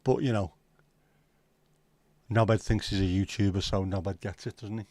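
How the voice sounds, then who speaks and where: A man's voice: fairly low pitch, fairly even intonation, a little slow, a little mellow, no room sound. A middle-aged man, hosting a casual home livestream, chatting and reading out viewer comments with a sweary, easygoing manner. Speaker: livestream host. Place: at home, window nearby.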